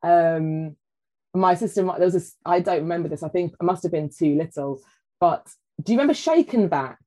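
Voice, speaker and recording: A woman, a food writer chatting on a podcast and telling family stories in a lively way. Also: lowish voice, fairly quick, poor audio. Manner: chatty storyteller, animated quoting. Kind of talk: casual chat.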